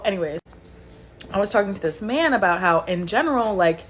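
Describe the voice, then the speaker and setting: A woman's voice: mid-range voice, lively intonation, fairly quick, husky. A woman who is a doctoral student, chatting casually and easily distracted. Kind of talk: casual storytime.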